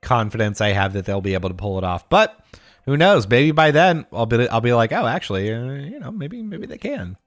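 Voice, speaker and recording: A man co-hosting a casual podcast chat, talking in a measured, analytical way with dry humor. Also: medium pitch, sing-song, no room sound, soft background music. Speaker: podcast co-host.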